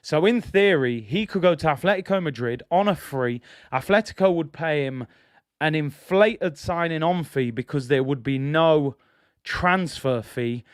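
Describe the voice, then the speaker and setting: A man's voice: fairly high pitch, lively intonation, unhurried, clear, resonant tone, no room sound, studio quality. A man hosting a casual football fan livestream, chatty and slangy. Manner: chatty, slangy, laughs at own jokes. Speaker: football channel host.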